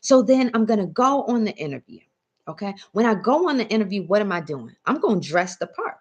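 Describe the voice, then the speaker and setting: A woman's voice: mid-range voice, big pitch swings, fairly quick, breathy edge, lo-fi sound. Coaxing woman teaching a mindset lesson. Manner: checks in often with "right?" and "okay?"; coaxing, calls listeners "baby". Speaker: mindset coach. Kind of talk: motivational teaching talk.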